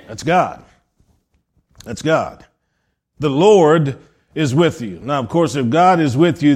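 A man preaching a sermon as pastor, firing off rhetorical questions and repeating key phrases, moving between soft asides and emphatic rises. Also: a little high.

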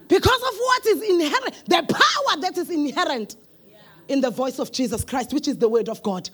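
A woman with a South African accent preaching a sermon, shouting declarations and chanting in rhythmic bursts. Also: high-pitched, expressive, moderate pace.

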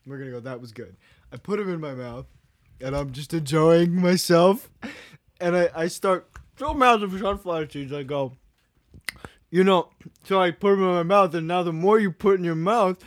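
Animated, foul-mouthed young man podcaster. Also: a little high, moderate pace, no room sound. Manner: animated storytelling, heavy swearing. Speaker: podcast co-host. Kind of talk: casual chat.

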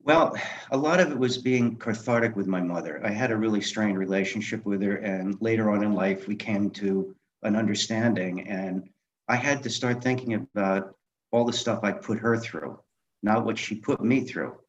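Man, middle-aged, low voice, animated storyteller, acts out dialogue, dull lo-fi audio. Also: moderate pace, a little hiss or hum. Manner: animated anecdotes, acting out quoted dialogue. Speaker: guest, film director and memoir author. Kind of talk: conversational storytelling interview.

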